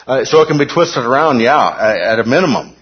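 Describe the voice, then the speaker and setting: A man's voice: mid-range voice, expressive, fairly quick, highs cut off, a little hiss or hum. A man teaching a Bible study class in a conversational way, often checking in with his listeners.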